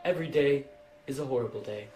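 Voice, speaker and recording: A man voicing a very tall, gloomy and pompous male high-elf wizard in a tabletop game role-play. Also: quick pace, close to an everyday voice. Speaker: player. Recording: echoey room, music behind.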